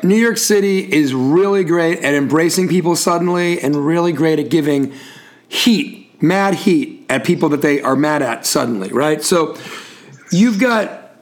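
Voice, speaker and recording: A man hosting a sports talk show, telling the story in a wry, playful way and tossing to his co-host. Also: fairly high pitch. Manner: storytelling, wry, full of wrestling references. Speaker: podcast host. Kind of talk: casual sports chat.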